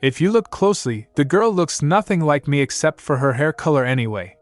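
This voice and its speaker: A man voicing an excitable, flustered little princess girl, exclaiming in a raised voice. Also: fairly high pitch, fairly quick, dry recording, faint music behind, pitched above the performer's own voice. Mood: teasing.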